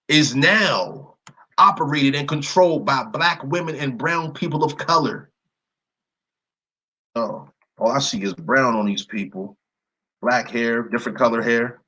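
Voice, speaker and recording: Husky guy doing a screen share, reading lists of words out loud, blunt, swears a bit. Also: mid-range voice, low-quality recording. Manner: reads long word lists aloud, blunt and cursing. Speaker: presenter.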